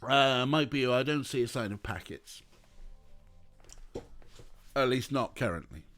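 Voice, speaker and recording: A man commentating a game stream in a lively, animated voice that swings up and down in pitch. He chats casually and laughs easily, with faint music beneath him. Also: a little slow. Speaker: let's play streamer. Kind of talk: game commentary, reading dialogue aloud.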